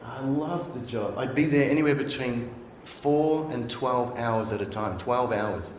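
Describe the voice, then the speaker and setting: In an echoey church hall, a male guest speaker shares a sermon framed as a personal story, speaking a little slowly in a mid-range voice. He's earnest and acts out remembered voices, with slight background noise behind him.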